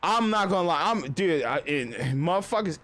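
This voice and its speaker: A man's voice: high-pitched, lively intonation, a bit bright. A young man streamer on a casual livestream, ranting bluntly with lots of swearing. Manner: profane, blunt, fast-talking.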